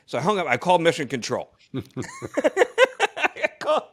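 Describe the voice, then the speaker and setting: A man co-hosting a relaxed podcast chat, spinning a long anecdote with plenty of stops and restarts. His pitch swings widely as he acts out the people in the story. He laughs often along the way. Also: breathy edge. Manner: halting, with many restarts and fillers. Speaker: podcast co-host, former astronaut.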